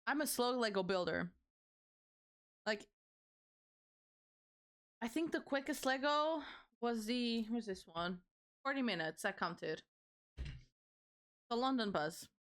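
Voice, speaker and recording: A woman's voice: on the high side, lively intonation, slow, pauses often. A young adult woman streamer chatting casually on a livestream, rambling through stories and swearing freely.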